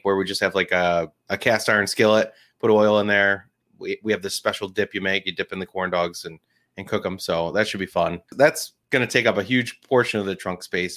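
A man's voice: fairly low pitch, a bit bright. A man co-hosting a podcast, chatting casually and rambling with lots of fillers. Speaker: podcast co-host.

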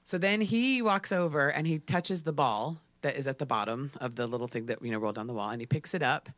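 A man casually telling a story, animated and full of fillers like "like". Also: medium pitch, a little fast, no echo. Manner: animated, filler-heavy with frequent "like".

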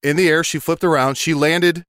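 A man doing improv comedy on a podcast, telling an absurd story in a deadpan way. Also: fairly high pitch, normal speed, smooth, no room sound, clean studio sound. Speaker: podcast co-host.

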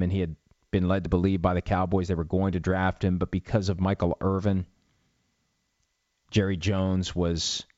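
A man's voice: low voice, a little mellow, no echo, lo-fi sound. A middle-aged man hosting a solo podcast, ranting with rhetorical questions and then answering listener questions. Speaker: podcast host.

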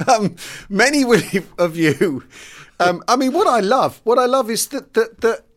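A man's voice: extremely high pitch, lively intonation, unhurried, fairly bright tone. A man co-hosting a history podcast, chatting casually, laughing often and restarting his sentences. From England. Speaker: podcast co-host. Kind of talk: casual chat.

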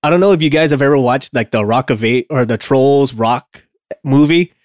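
A man's voice: mid-range voice, moderate pace, darkish tone, dry recording. Male podcast host, loose and joking, talks on a dry mic. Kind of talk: casual chat.

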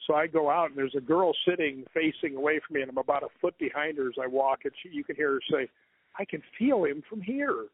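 A man's voice: a little high, fast talker, hardly any pauses, no room sound. Man telling a ghost story over a tinny line. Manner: rambling, animated retelling with quoted dialogue. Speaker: guest, ghost hunter. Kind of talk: casual storytelling interview. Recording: tinny phone line, dry.

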